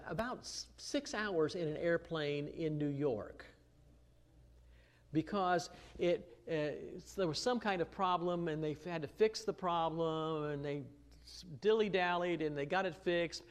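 Man, pastor, expository sermon, slightly high voice, chatty, lots of uh fillers, emphatic stress on key phrases. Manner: conversational, many "uh" fillers and restarts.

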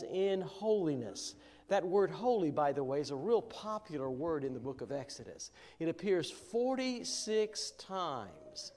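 Pastor, slightly high pitch, conversational sermon with fillers, reverberant hall. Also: male voice, a little mellow. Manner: conversational, with frequent fillers and restarts.

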